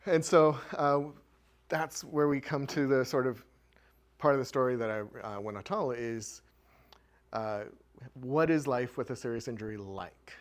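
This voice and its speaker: A man with a mid-range voice speaks unhurriedly at a community show-and-tell. He tells a live audience a candid personal story in a conversational way, using lots of filler words.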